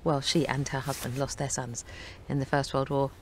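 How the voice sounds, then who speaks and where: A woman's voice: a bass voice, little pitch movement, moderate pace, a little hiss or hum. A woman speaking as an actress in a press interview about her film, chatty and good-humored. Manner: chatty and good-humored, often breaking into laughter.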